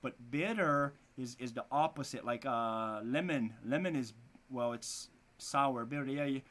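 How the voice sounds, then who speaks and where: A man's voice: mid-range voice, unhurried. A man with a Brazilian Portuguese accent, an English teacher reading a story aloud and stopping to explain words. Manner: relaxed, explains words as he goes.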